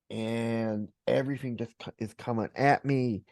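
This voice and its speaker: A man's voice: lowish voice, level tone, a little fast, hardly any pauses, darkish tone, no room sound. A man hosting a podcast interview, talking casually and retelling a personal story with quoted voices. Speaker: podcast host.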